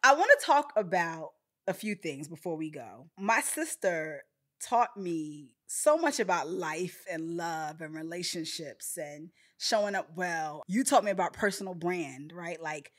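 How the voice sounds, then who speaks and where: Bright, playful woman host. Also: lowish voice, unhurried. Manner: playful, laughs often, animated asides. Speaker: podcast host. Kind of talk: casual podcast conversation.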